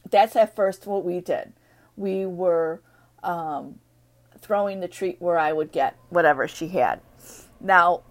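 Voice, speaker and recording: A middle-aged woman chatting casually about training her dogs, rambling and animated as she acts out what the dogs would say. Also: medium pitch. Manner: rambling, animated storytelling with acted-out dog voices. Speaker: dog owner sharing training tips. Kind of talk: casual chat.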